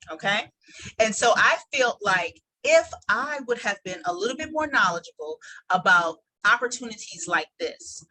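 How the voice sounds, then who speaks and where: A woman's voice: medium pitch, sharp tone, rough recording. A woman guest on a video call sharing her story earnestly and reflectively, often restarting her sentences. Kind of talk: personal testimony.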